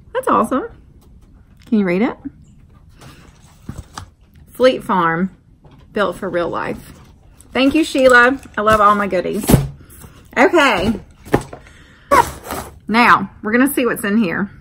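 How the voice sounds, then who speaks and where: A woman's voice: medium pitch, background noise. A woman, chatting casually on her porch as a vlogger, friendly and rambling with asides. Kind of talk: casual chat. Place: outdoor porch.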